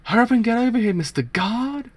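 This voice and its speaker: A man doing a squeaky, shrill voice for an erratic young woman inmate while reading a manga aloud. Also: lively intonation, normal speed. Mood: scheming.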